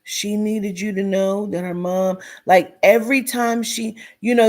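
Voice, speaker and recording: A woman's voice: mid-range voice, steady tone, a little slow, hardly any pauses, a little mellow. A woman giving a blunt, profane commentary rant, dropping into whispers for emphasis. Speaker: commentary vlogger.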